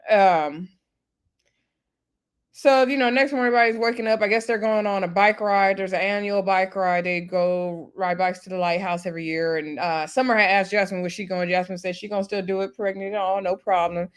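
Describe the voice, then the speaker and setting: A woman's voice: medium pitch, a little fast, clear, resonant tone. Chatty, gossipy woman recapping TV. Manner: animated, gossipy, laughs often. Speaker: reality TV recap vlogger.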